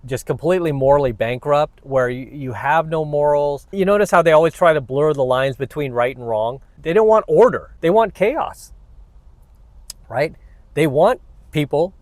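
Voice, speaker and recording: Pitched fairly high, this vlogger's voice comes through with no echo. He hosts a self-help channel and harangues the camera bluntly and combatively, preaching and leaning on "you know what" again and again.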